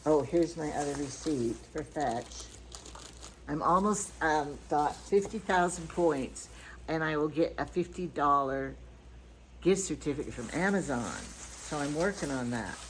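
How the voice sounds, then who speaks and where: An older grandmother vlogs her shopping haul in a low-pitched voice, chatting casually and wandering from one item to the next with stories and asides. The recording is low quality, with slight background noise.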